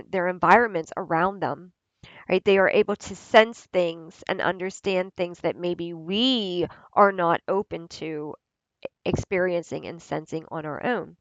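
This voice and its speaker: A woman's voice: lowish voice, a bit bright, dry recording, muffled recording. A woman giving an oracle card reading in an earnest, repetitive way, often checking in with "right?". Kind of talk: spiritual guidance reading.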